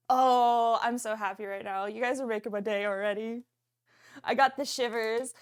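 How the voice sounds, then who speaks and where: A woman's voice: normal speed, clean tone. Chatty woman cooking on a livestream. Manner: animated, chatty, frequent pitch jumps and excited outbursts. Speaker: cooking stream host. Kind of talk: casual cooking livestream chat.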